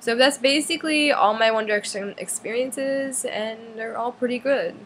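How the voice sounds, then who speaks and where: A woman's voice: fairly high pitch, moderate pace, fairly bright tone, a little hiss or hum. A young woman casually telling a long story, with "like" in nearly every phrase and squealing when she acts out others. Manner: chatty, full of "like", acts out others' lines in a squealy voice. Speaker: fan recounting a concert trip.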